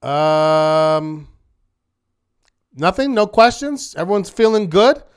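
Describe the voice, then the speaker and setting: A man leads a live online trading class in an upbeat, encouraging way, firing off rhetorical questions like a checklist. His voice sits a little high and comes through smooth and crisp. He takes his time, talking at an unhurried pace. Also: expressive. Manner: upbeat, encouraging, quick asides to students. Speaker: trading instructor hosting a weekly market wrap.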